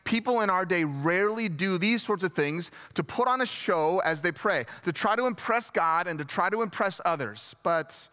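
Bright-voiced male pastor preaching. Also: high voice, expressive, moderate pace, hardly any pauses, clean tone. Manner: conversational, repeats key phrases for emphasis; self-deprecating, gently humorous. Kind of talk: sermon.

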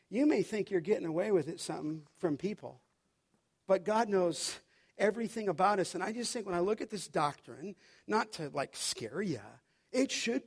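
A man's voice: high-pitched, a little mellow. A man preaching a sermon as pastor to his church, telling stories, acting out the dialogue and putting questions to the congregation. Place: church sanctuary.

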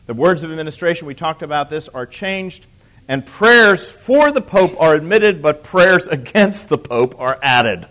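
A man's voice: fairly high pitch, animated, moderate pace, fairly bright tone. A man teaching church history to a live class. He repeats key points for emphasis, asks the room questions and throws in dry teasing asides.

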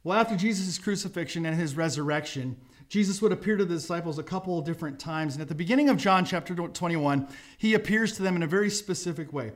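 A male pastor giving a casual, story-driven sermon. His voice sits a little higher than most men's, and he jumps into the characters' lines with animated, voiced quotes. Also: fast talker. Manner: conversational, acts out quotes with voices.

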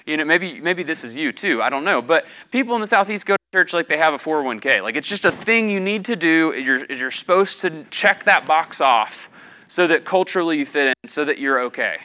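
A young male pastor from the Southeastern US delivers a conversational sermon in a very bright, ringing voice that sits a little high. He stays animated throughout, slipping into quoted voices to act out the scene. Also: fairly quick.

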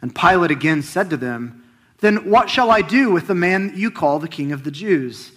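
A man's voice: fairly high pitch, expressive, normal speed, fairly bright tone. A man preaching as pastor, speaking earnestly and reading a long scripture passage aloud with rising emphasis on the quoted words. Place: church.

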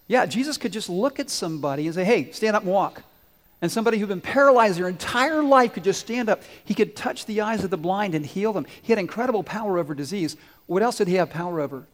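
A man giving a children's sermon, asking the kids questions and telling stories, growing loud at the climaxes. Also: high-pitched. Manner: asks the kids questions and waits for answers; animated storyteller, swells loud on climaxes. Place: church sanctuary. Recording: long hall reverb.

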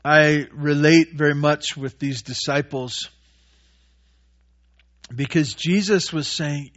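Male pastor preaching; high voice, animated delivery that acts out characters, dull lo-fi recording. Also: slow, long pauses. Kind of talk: sermon.

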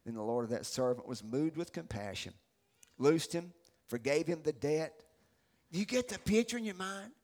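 A middle-aged pastor preaching a sermon, animated and acting out the characters he describes. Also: on the high side, normal speed. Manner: animated storytelling, acts out voices.

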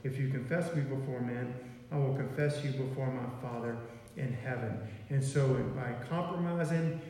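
A man's voice: mid-range voice, steady tone, normal speed, dark tone, slight background noise. A man preaching a sermon in a folksy, conversational way, with "okay" and "y'all" sprinkled in. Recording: far from mic in an echoey hall.

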